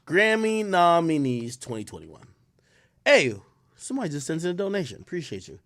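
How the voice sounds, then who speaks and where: Male streamer, casual profane chat, lively pitch swings, dry close sound. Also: moderate pace, dry recording. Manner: loose and profane, reacting to chat, swings loud and quiet.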